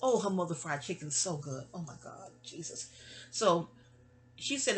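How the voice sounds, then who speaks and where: A woman's voice: lowish voice, expressive, moderate pace, slightly rough, faint music behind. A woman, telling a long, rambling personal story in a chatty way, sounding sleepy. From New York City. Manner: rambling, chatty, with frequent restarts and asides. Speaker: vlogger. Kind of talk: casual storytelling monologue.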